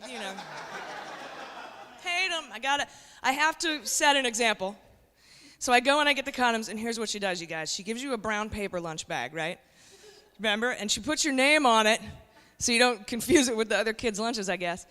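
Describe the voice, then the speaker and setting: Her voice is a little high, a little fast, pushed and bright as she works a comedy club stage. She's a woman in her forties doing brash, conversational stand-up directly to the crowd, recorded with long hall reverb and faint noise.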